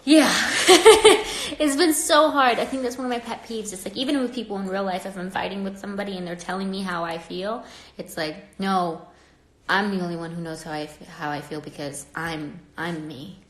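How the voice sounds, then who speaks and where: A woman's voice: fairly low pitch, fairly quick, roomy sound. A young woman hosting a casual livestream, talking to viewers in a chatty, rambling way with frequent laughs and a slightly stuffy nose. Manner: chatty and rambling, laughs often, gets animated when annoyed. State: pregnant, a bit stuffy-nosed. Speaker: livestream host.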